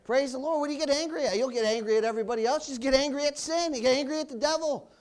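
A male pastor preaching a loud, fiery sermon in church, punctuated with hallelujahs. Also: very high-pitched, racing.

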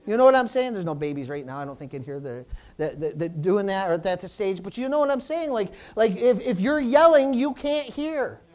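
This pastor's sermon to a church congregation has a sing-song, quick delivery in a medium pitch with a slightly mellow tone. There are frequent restarted phrases and calls of "amen?" and "praise the Lord."

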